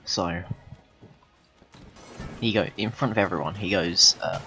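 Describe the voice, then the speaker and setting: A man rambling through an absurd, deadpan story with frequent swearing while commentating on a game. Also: sits low, moderate pace, pauses often, soft background music. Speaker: gaming video host. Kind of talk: rambling comedic gameplay commentary.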